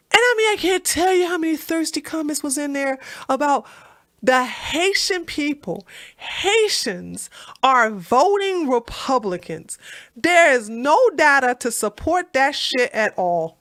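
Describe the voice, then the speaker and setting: A woman's voice: high voice, very animated, measured pace, a bit bright, no echo, studio quality. A woman ranting on a casual political live stream, blunt, profane and mocking, who often repeats herself. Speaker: political commentator on a debate stream.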